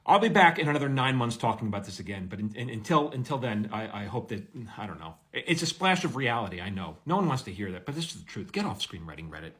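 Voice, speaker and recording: A screenwriter giving blunt, energetic, wisecracking advice straight to the camera. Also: male voice, on the low side, quick pace, hardly any pauses. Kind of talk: direct-to-camera advice monologue.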